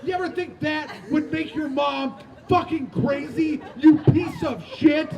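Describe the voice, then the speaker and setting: A man's voice: very high voice, a little slow, darkish tone, recorded from a distance, highs cut off, some chatter behind, slight background noise, pitched above the performer's own voice. A man voicing a furious, foul-mouthed mother ranting at her teenage sons.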